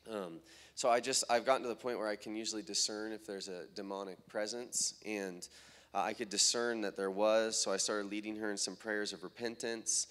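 Man excitedly retelling prayer meeting stories. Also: on the low side. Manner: excited and rising when retelling dialogue, halting with fillers. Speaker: minister recounting healing meetings. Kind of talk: testimony storytelling.

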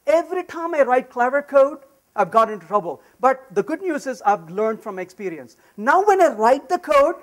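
A man giving a lively conference talk on programming, emphatic and full of anecdotes. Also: very high-pitched, moderate pace. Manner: animated, emphatic, storytelling. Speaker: conference speaker. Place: conference session room.

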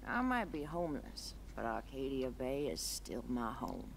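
An actress voicing a gruff, street-wise homeless woman in a video game, talking bluntly. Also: rumbling low, big pitch swings, unhurried, slight background noise, exaggerated voice.

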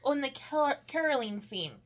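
A woman with a high voice chatting casually about a movie. She speaks in short, halting bits, chiming in with the scenes she liked. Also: lively intonation. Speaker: movie reviewer. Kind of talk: casual chat.

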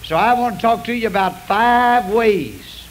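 High-voiced older preacher on tape. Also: male voice, measured pace, rough recording. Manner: folksy, emphatic preaching with repetitions. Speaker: pastor. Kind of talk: sermon. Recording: faint noise, old sermon tape.

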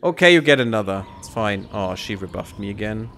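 A man's voice: fairly low pitch, animated, brisk, creaky, a bit bright, slight background noise. A man hosting a let's play, giving casual sarcastic commentary while he plays and swears freely.

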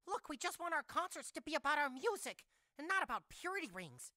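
A man's voice: very high voice, very animated, brisk, pushed and bright, dry recording, studio quality, exaggerated voice. An actor playing a polite young male pop singer who pleads with his boss. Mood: earnest. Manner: polite, pleading, cowers under threat.

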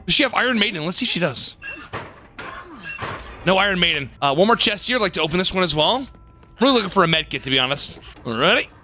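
Male gaming YouTuber, high voice, excitable play-by-play with swearing, faint game music behind. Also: quick pace, pauses often. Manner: excitable, swears and laughs often. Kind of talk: casual gameplay commentary.

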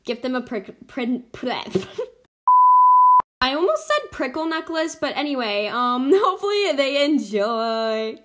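Bubbly high-pitched young woman gamer. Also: sing-song, unhurried, few pauses, heavy background noise. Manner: bubbly, giggly, swings between squeals and mutters. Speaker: gaming channel host. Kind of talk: casual game commentary.

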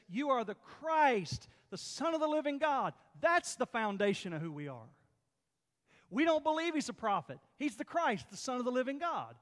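This pastor's voice is very high and a bit bright, echoing through a large hall as he preaches in a church sanctuary. He repeats himself emphatically, pushing harder and then easing off.

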